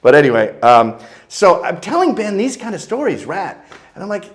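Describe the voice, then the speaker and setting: His voice is high and his pace moderate as this man from Canada, a guest, recounts crude, humorous anecdotes with lots of energy, doing impressions of the people in his tales.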